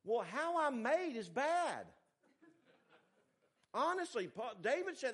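A man preaches a sermon. He swings between emphatic, raised lines and hushed, low asides. His pacing is lively and conversational. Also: slow pace, breathy edge. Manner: animated preaching, pitch and volume rising and falling widely. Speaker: pastor.

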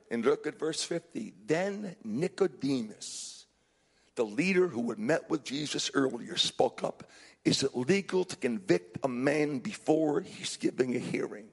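A man preaching a sermon as pastor, fervent, swinging between hushed passages and shouted ones. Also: fairly high pitch, expressive, normal speed, gravelly, husky. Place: restaurant hosting a Sunday service. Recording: long reverb in a large room.

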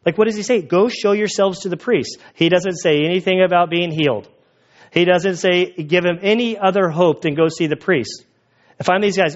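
Conversational preacher, slightly high voice. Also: male voice, normal speed, dull audio. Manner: conversational, animated retelling with acted quotes. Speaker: pastor. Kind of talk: sermon.

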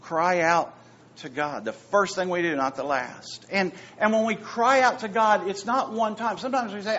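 Man preaching, hushed to loud. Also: high-pitched, normal speed, a little hiss or hum. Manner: swings from hushed to loud, emphatic repetition. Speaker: pastor. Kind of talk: sermon. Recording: dull lo-fi sound with faint ambience.

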